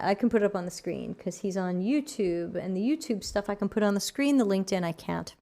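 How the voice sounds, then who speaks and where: A woman hosting a casual livestream Q&A, chatty and animated, reading chat questions aloud, her voice tired after an hour of talking. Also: mid-range voice, fast, creaky, few pauses. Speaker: livestream AMA host.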